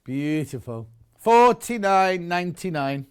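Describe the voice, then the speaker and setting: A man's voice: high voice, very animated, slow pace, clear, resonant tone. A middle-aged man presenting products live on a home shopping channel, chatty, enthusiastic and jokey about himself.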